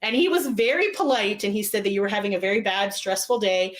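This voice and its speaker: A woman chats on a podcast, recapping an event. She tells it as a lively story, acting out both sides of each exchange and filling it with "like". Her voice sits at an ordinary middle pitch. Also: fast. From Toronto, Canada. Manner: chatty storyteller who acts out quoted exchanges with lots of "like". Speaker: podcast co-host. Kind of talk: casual chat recapping an event.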